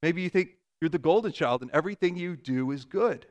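A man in his forties gives an earnest sermon to a church congregation, with a fairly high voice for a man. He keeps asking the room questions and drops his voice low and soft to press a point home. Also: lively intonation, a little fast. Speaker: pastor.

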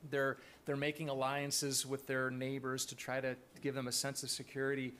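A man's voice: medium pitch, completely flat delivery, normal speed, fairly bright tone, slight background noise. A man preaching a sermon to his congregation, earnest and thoughtful, often restarting his phrases. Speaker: pastor.

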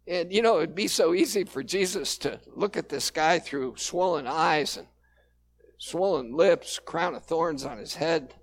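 A male pastor preaching a sermon in a relaxed, conversational storytelling way, with frequent fillers. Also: on the high side, unhurried.

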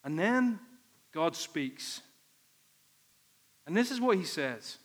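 A man's voice: a little high, big pitch swings, slow, fairly bright tone. A man preaching a sermon, earnest and emphatic, leaning on repeated phrases. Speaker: pastor.

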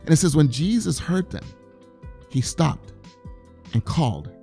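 A man's voice: on the high side, sing-song, unhurried, gravelly, long pauses, warm tone, faint music behind. A man preaching a sermon, repeating key phrases for emphasis and acting out the people in a scripture story. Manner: dramatic, acts out the crowd and the blind men in raised voices. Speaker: pastor.

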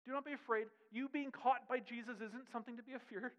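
A man voicing a gentle male savior, speaking softly and low with calm repeated reassurances. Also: quick pace. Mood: tender. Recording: dull audio in a long-echo hall.

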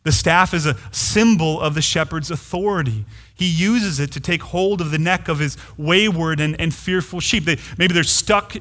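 A man's voice: fairly high pitch, normal speed, a bit bright. A pastor giving a sermon, earnest and emphatic, repeating key phrases to drive his point home. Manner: earnest, emphatic preaching with repetitions.

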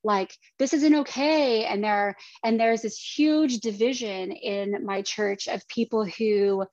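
A woman in her thirties, a podcast guest, giving personal testimony in an earnest, halting way. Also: mid-range voice, fairly even intonation, darkish tone, no echo. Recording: dry, slightly dull lo-fi sound.

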